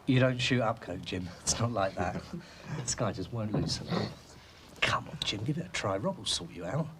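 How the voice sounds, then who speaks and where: A man's voice: lowish voice, expressive, normal speed, close to an everyday voice. A man playing a breezy well-off bar customer. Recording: hissy old TV recording.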